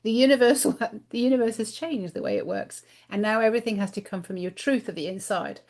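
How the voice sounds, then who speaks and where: A woman's voice: medium pitch, a little fast, a little mellow. Woman, spiritual card reader; emphatic inspirational monologue, doubles up words for stress.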